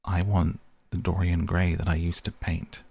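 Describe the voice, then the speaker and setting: Man doing earnest grieving painter, reproachful, very low voice, gravelly. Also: completely flat delivery, normal speed, dark tone, heavily acted. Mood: pained, reproachful. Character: grieving earnest male painter, middle-aged.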